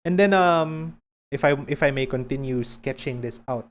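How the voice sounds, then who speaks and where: A man's voice: mid-range voice, moderate pace, a little hiss or hum. Chatty Filipino man streaming a game. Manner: chatty, rambling, laughs often. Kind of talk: casual stream chat.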